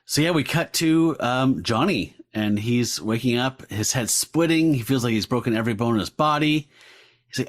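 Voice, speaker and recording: A man co-hosting a casual podcast about comics, talking in an excitable, animated way and swearing casually. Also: mid-range voice, normal speed. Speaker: podcast co-host.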